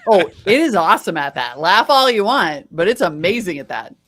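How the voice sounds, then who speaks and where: A woman's voice: fairly low pitch, sing-song, moderate pace, fairly bright tone. A woman co-hosting a podcast, joking and laughing in casual chat. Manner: playful, laughing banter. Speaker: podcast co-host.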